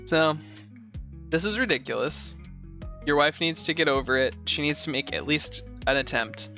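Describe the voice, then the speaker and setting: A man's voice: fairly high pitch, normal speed, bright, forceful tone, faint music behind. A man hosting a show, reading posts aloud and giving rambling, profane, sarcastic commentary in a casual chat style. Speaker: host.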